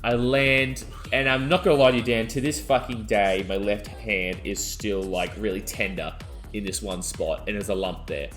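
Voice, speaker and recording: A young adult man, co-hosting a podcast and telling a wild story in excitable casual chat. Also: lowish voice, moderate pace, faint music behind. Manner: animated, excitable storytelling, yelling out quoted lines. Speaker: podcast co-host.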